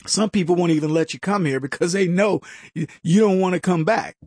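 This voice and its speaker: A man's voice: sits high, a little fast, darkish tone, breathy edge, dry recording, studio quality. A man hosting a political talk show, sarcastic and mocking, who stumbles and restarts and laughs at his own jokes. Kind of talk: opinionated commentary monologue.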